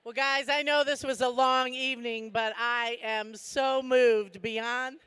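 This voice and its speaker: A woman who leads a school gives her closing thanks at a gala. She speaks slowly in a smooth, resonant voice that sits fairly high. The sound is dry, with little room echo. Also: fairly even intonation, fairly bright tone. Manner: heartfelt, measured thanks. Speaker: school leader.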